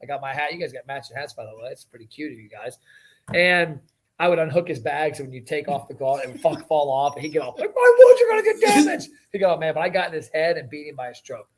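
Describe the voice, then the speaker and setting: A man hosting a casual chat, telling stories and joking with his father. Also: fairly high pitch. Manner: joking, storytelling, fast and animated. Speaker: podcast host.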